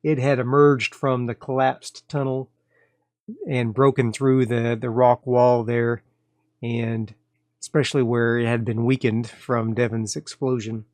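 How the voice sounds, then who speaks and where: A man hosting and narrating a solo tabletop horror game, telling the story in a loose, relaxed way with fillers and restarts. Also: mid-range voice, measured pace, no echo. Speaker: game master and host of solo tabletop play.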